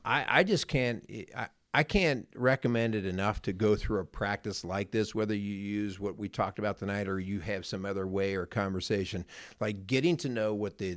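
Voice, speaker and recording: A man's voice: fairly low pitch, no room sound, studio quality. A middle-aged man, a marriage coach co-hosting a podcast, telling a personal story in an earnest, rambling way. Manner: earnest, rambling, repeats words. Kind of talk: casual chat, storytelling.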